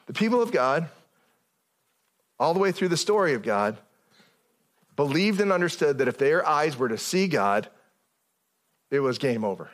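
A male pastor delivers a sermon in a loose, chatty way, breaking off sentences and starting again. His voice sits a little higher than most men's, and it climbs when he leans into a point. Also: big pitch swings, normal speed, pauses often. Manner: conversational preaching with many restarts and fillers.

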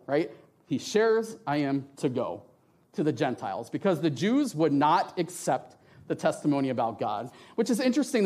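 A man preaching a sermon with slides in a church, talking in a conversational way, often tagging his sentences with "right?" and acting out the voices in his quotes. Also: a little high. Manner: lively, animated, acts out voices in quotes. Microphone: handheld mic.

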